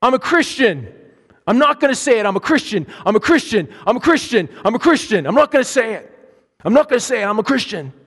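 A man's voice: very high voice, sing-song, quick pace, husky, pitched above the performer's own voice, exaggerated voice. A man playing a stubborn, agitated young man. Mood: defiant. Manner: loud insistent repetition.

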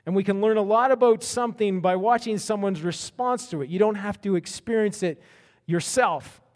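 Pastor guy preaching, fairly high voice, stumbles and repeats words, big echoey hall. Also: moderate pace. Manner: animated, repeats words in bursts, acts out reactions. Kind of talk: sermon. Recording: long hall reverb.

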